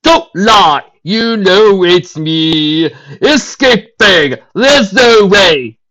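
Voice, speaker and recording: A woman's voice: mid-range voice, lively intonation, a bit bright, pitched above the performer's own voice, heavily acted. Woman doing a pompous male unicorn prince. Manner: slow, grandly boastful. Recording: dull lo-fi recording.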